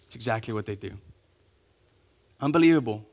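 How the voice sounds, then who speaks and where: A man preaching a sermon, acting out quotes and dropping to a hush on key words, asking the congregation to repeat after him. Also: lowish voice, brisk. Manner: animated, acting out quotes, dropping to hushed emphasis; repeats key phrases, asks congregation to say it along. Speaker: pastor.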